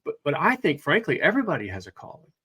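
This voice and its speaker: A man's voice: fairly high pitch, huge pitch swings, quick pace, husky. Earnest older man, reflective talk. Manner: earnest, thoughtful, with gentle laughs. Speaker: podcast guest, executive coach.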